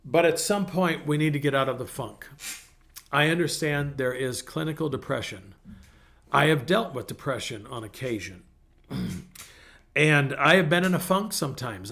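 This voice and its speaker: A man's voice: mid-range voice, moderate pace, a bit bright. A middle-aged male pastor preaching a conversational sermon, telling personal stories in a folksy way with frequent restarts.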